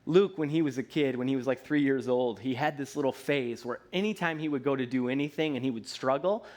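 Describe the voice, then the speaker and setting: A man, likely in his thirties, preaching a sermon in a church in a relaxed, conversational way, often checking in with "right?" and slipping into playful voices. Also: medium pitch, fairly quick. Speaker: pastor. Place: church sanctuary.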